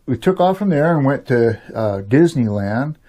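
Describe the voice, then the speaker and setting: Older man, mellow, rambling storyteller. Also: medium pitch, animated, normal speed. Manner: rambling, chuckles often, many "you know" fillers. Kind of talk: casual spoken storytelling.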